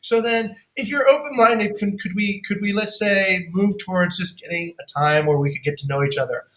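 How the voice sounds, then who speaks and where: A man's voice: sits high, normal speed, fairly bright tone, echoey room. A man coaching negotiation in a casual way, acting out example lines and laughing often.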